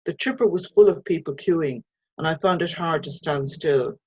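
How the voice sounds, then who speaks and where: A woman, an author reading her own short story aloud in a measured, even way. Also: low-pitched, slightly rough, no echo, dull audio.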